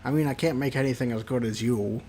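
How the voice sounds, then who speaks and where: A man's voice: mid-range voice, quick pace, darkish tone, faint music behind, natural voice. A man voicing a shy, flustered young zombie woman who stammers and puts herself down. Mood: glum. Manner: stammering, self-deprecating.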